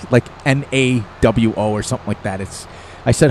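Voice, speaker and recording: An older man in his sixties, from the eastern United States, talks through a farming game in a loose, rambling way. His voice sits at a medium pitch, and he chuckles at his own jokes. Faint outdoor noise hums behind him. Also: unhurried, darkish tone. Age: 60s. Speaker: gaming streamer. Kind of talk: casual gameplay commentary.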